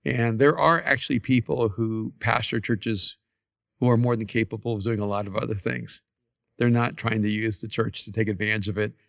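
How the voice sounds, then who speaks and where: A man's voice: fairly low pitch, fairly even intonation, moderate pace, gravelly, a bit bright, dry recording, clean studio sound. A man, a pastor, talking earnestly and reflectively in a casual podcast conversation, recorded in a church's main room. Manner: earnest, reflective, stammers on restarts.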